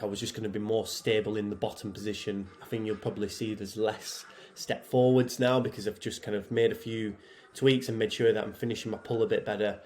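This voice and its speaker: Mellow-voiced man, chatty commentary. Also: lowish voice. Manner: relaxed and chatty, with many fillers and restarts. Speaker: head programmer and athlete. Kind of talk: casual voice-over commentary on his own workout footage.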